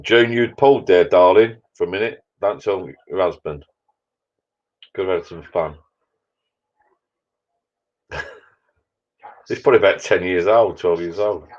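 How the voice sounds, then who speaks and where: A man's voice: low-pitched, unhurried, long pauses. A man hosting a casual live chat, full of cheeky banter and light swearing. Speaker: livestream host. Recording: dull lo-fi sound.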